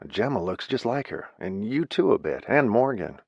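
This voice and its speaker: Thad, a quiet, hesitant man, as the narrator voices him. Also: fairly low pitch, sing-song, moderate pace, vocal fry, husky, no echo, dull audio, heavily acted.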